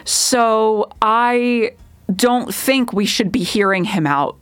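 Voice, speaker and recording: A woman's voice: on the high side, slow, clear, resonant tone, no room sound. A young woman hosting a radio show, ranting in a casual, emphatic and sarcastic way, often repeating herself for effect and breaking into laughs.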